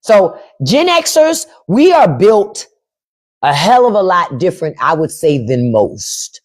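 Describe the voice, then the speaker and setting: A woman in her fifties talks straight to her livestream viewers, blunt and profane, with laughing asides. Her pitch swoops widely up and down on a slightly low voice. She slips into put-on voices to quote her mother and grandmother. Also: very animated, slow, a little mellow. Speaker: podcast host on a livestream. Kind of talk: casual livestream storytelling. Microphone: phone or webcam livestream mic.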